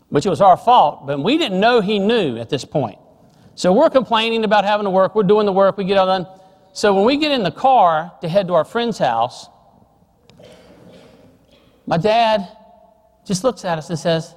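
A middle-aged man preaching a sermon, telling a family story and dropping soft and slow on serious points. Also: high voice, lively intonation, in a large hall.

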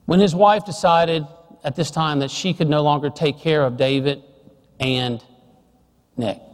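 High-voiced man preaching in a hall. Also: fairly even intonation. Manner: storytelling, drops soft and slow on serious points. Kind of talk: sermon with personal story.

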